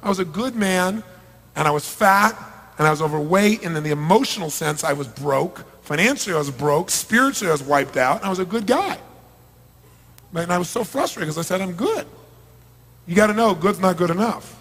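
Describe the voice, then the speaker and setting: Male motivational speaker, middle-aged, high voice, emphatic stage delivery, big reverberant hall. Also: lively intonation, fairly quick. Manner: emphatic, swings from hushed to shouting. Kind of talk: live seminar talk to an audience. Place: large event hall. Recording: long reverb of a large hall.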